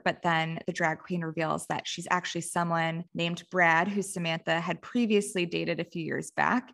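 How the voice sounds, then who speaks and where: Gravelly-voiced woman recapping a show. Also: lowish voice, a bit bright. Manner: chatty retelling, acting out characters' lines in quick asides. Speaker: podcast co-host recapping a TV episode. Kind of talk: casual chat.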